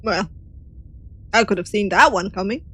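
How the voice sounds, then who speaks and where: A young woman streamer giving giggly, animated gameplay commentary and reading the game's choices aloud. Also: medium pitch, normal speed, breathy edge.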